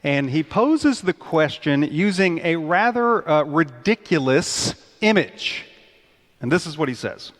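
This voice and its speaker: A man preaching a conversational sermon in a church, animated and acting out people's outbursts. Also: fairly high pitch, measured pace. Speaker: pastor. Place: church sanctuary. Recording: long church reverb.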